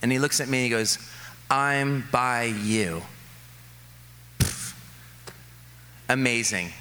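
A male pastor preaching a sermon, telling stories about his kids with lively excitement and then settling into soft, earnest reflection. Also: mid-range voice, takes it slowly, a little hiss or hum. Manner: animated storytelling, quoting his kids with rising excitement.

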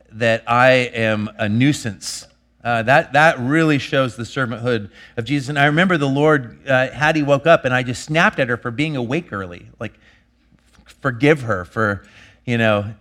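A man preaching a sermon as a pastor, earnest, swinging between emphatic bursts and hushed lines. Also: mid-range voice.

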